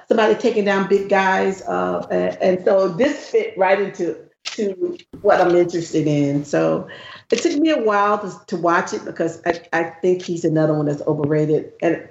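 A woman's voice: lowish voice, normal speed, creaky, a little mellow. A woman from the American South, co-hosting a podcast in casual chat, opinionated and laughing often. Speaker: podcast co-host. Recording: roomy lo-fi sound with faint hiss.

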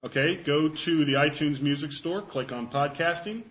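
A man speaks to a live audience in a bright, forceful voice. He is chatty and loose, repeats words while thinking, and jokes at his own expense as he answers questions. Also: a little high, moderate pace, slight background noise, low-quality recording. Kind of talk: casual talk to a live audience. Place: talk before an audience.

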